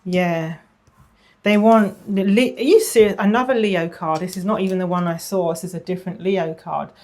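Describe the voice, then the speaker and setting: A woman giving a casual tarot reading, chatty, often repeating phrases and dropping into a soft murmur. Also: on the low side, normal speed, slight background noise. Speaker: tarot reader.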